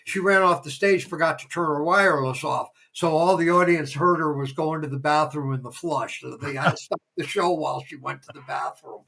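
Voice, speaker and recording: A man's voice: on the high side, a little fast, creaky, few pauses, bright, forceful tone, poor audio. A man, a former theater promoter, telling rambling behind-the-scenes anecdotes as a podcast guest, full of fillers. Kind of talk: casual interview storytelling.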